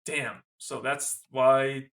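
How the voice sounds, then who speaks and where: A man's voice: mid-range voice, very slow, vocal fry. A man co-hosting a podcast, casually recapping a movie scene by scene and quoting its lines. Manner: animated recapping with quoted lines and swearing. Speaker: podcast co-host. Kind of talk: casual movie review chat.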